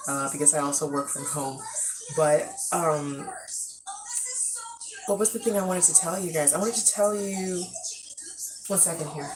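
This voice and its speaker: A young woman from Africa with a low voice chats at length on a live stream from her home, rambling from one story to the next. Her animated talk comes through a phone mic. A steady noise sits under the whole recording. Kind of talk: casual live-stream chat.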